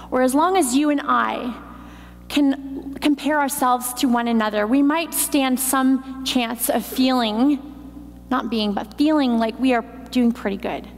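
A woman's voice: on the high side, vocal fry. A woman preaching a sermon in a church, teaching with emphatic repetition. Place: church hall. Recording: long hall reverb, faint noise.

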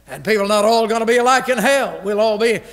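A pastor preaching a fiery revival sermon, forceful, stern and emphatic, from an old radio broadcast. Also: male voice, high-pitched, fast. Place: church sanctuary. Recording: reverberant church hall on old radio broadcast.

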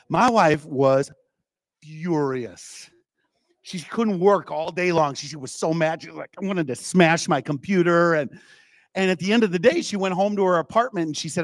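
A male evangelist with a fairly high voice preaches a revival sermon, leaning on lively storytelling and calling out to the crowd. His voice is close and dry, with little room sound. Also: normal speed, dry recording. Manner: lively storytelling with call-outs to the congregation. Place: church.

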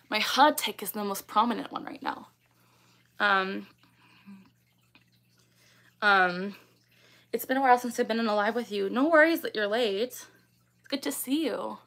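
A young livestream host chats casually and reads comments from viewers, laughing often and saying um and like a lot. She speaks unhurriedly in a creaky mid-range voice with a fairly bright tone, leaving long pauses.

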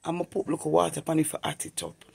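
Man, testimony vlog, earnest and repetitive, husky and a bit high. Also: little pitch movement, rapid-fire, a little mellow. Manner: earnest, repetitive storytelling in creole-inflected English. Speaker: vlogger. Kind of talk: personal testimony.

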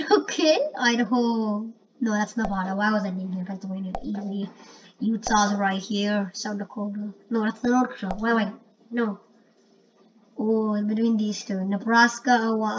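A woman giving casual gameplay commentary, excitable and prone to loud exclamations. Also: medium pitch. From India. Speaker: gamer. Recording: muffled lo-fi recording with faint hiss.

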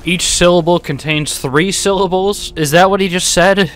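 A man's voice: high voice, normal speed, a bit bright. A young man giving sarcastic, swearing let's-play commentary as a gaming YouTuber. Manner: sarcastic, swears, jokes at the game.

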